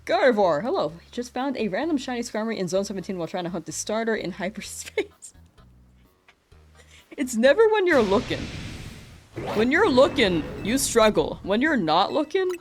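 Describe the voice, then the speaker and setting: A woman's voice: fairly high pitch, sing-song, moderate pace, soft background music. A woman streaming a game, chatting casually with her viewers and laughing often. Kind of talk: casual live-stream chat while gaming.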